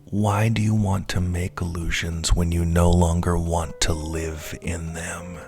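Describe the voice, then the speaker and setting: A man in his late thirties telling a personal story in a lively, animated way, acting out the voices of the people in it. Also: low voice. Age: 30s. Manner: animated, acts out quoted voices. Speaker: storyteller recounting his life.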